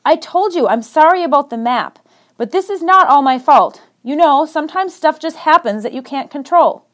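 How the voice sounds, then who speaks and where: An earnest teenage boy from the city, quick to defend himself and pleading in an emphatic, rising voice, as a woman reads him aloud. He sounds a little higher than the narration around him. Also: lively intonation, a bit bright. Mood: exasperated.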